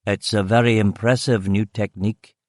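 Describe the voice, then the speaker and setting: A man's voice: on the low side, fairly even intonation, normal speed, a little mellow, no room sound, studio quality, close to an everyday voice. A man voicing a grizzled, blunt detective chief of about fifty, with a faint Scottish accent. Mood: gruff, weary. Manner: blunt, gruff, swearing.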